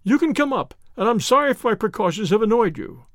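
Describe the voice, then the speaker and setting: A man's voice: sing-song, a little fast, no room sound, studio quality. A man voicing a fat, frightened middle-aged man with a reedy, quivering, nervous voice. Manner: nervous, pleading, high-strung.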